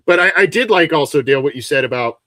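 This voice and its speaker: A man's voice: fairly high pitch, lively intonation, quick pace, sharp tone, dry recording, clean studio sound. A man, a guest on a sports podcast, talking casually over a remote call with many fillers and restarts.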